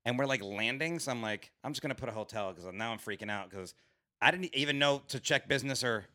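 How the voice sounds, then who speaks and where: Comedian guest, male, rapid and bright, animated yarn-spinner who acts out voices. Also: medium pitch. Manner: animated storyteller, acts out quoted voices, swears freely. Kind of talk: casual podcast storytelling. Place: podcast studio.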